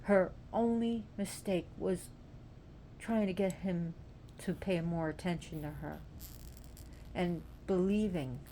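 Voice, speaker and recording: A woman with a somewhat low voice retells an old myth with raw feeling. She repeats words for weight and asks the listener direct questions. A faint background hiss runs underneath. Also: a little mellow. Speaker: storyteller. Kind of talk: emotional oral storytelling of myth.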